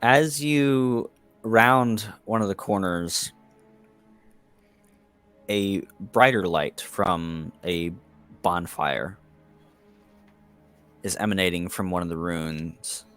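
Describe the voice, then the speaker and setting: A man narrating a tabletop fantasy game as game master, slow and descriptive. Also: low voice, fairly bright tone, smooth, no echo, faint music behind.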